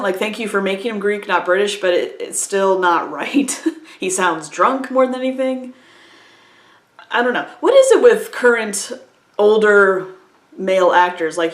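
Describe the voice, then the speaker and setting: A woman giving a casual, exasperated movie review, stumbling over restarts and acting out quoted lines. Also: medium pitch. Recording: echoey room.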